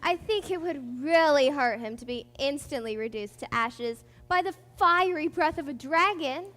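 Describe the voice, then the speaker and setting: A woman's voice: high voice, expressive, normal speed, fairly bright tone, in a large hall. A woman playing a fussy, doting queen in a stage musical, prim in her speech. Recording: theater stage with music behind.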